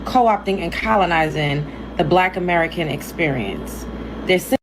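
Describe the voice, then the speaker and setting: A woman's voice: fairly low pitch, expressive, normal speed, background noise. A woman co-hosting a commentary show, talking in an indignant, pointed way. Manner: indignant, reads comments aloud. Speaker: co-host. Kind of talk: casual commentary.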